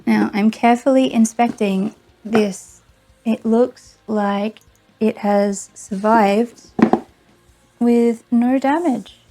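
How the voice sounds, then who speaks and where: A woman's voice: fairly high pitch, fairly even intonation, slow, warm tone, soft background music. A woman doing a casual unboxing vlog, sarcastic and exasperated, often laughing. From Australia. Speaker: vlogger.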